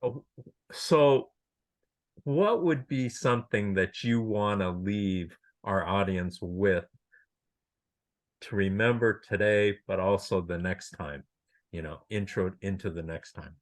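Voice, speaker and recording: Very deep voiced guy host, gushing, stammers a bit, dry sound. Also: slow, no echo. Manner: effusive, stammering repeats. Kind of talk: casual interview talk.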